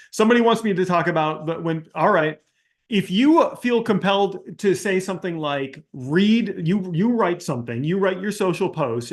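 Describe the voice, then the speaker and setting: A man coaching an online class in a live Q&A, ranting with exasperation and mimicking people in mocking quotes, then walking through a screen-share demo. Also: fairly high pitch. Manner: calmer screen-share tutorial delivery. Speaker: business coach hosting a live Q&A.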